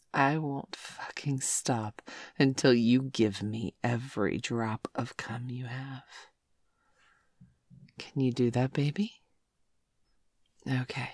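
A woman's voice: very deep voice, husky, no room sound. A woman in an intimate whispered role-play, speaking in a teasing, commanding way close to the ear. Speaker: audio role-play performer.

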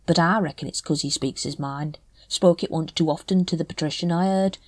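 A woman voicing a shifty, scruffy older male night watchman who mutters evasively in rough slang. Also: low-pitched, brisk, a little mellow, dry recording. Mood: grumbling.

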